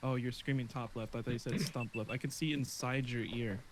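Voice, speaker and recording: A man's voice: mid-range voice, steady tone, brisk. A man chatting casually over a game, swearing and exclaiming. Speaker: streamer friend. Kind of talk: casual gaming chat. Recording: noisy game voice chat.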